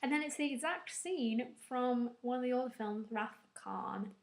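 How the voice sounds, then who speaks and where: A woman giving a rambling, excitable spoken film review, full of "like" asides. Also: fairly high pitch, moderate pace. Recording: echoey room.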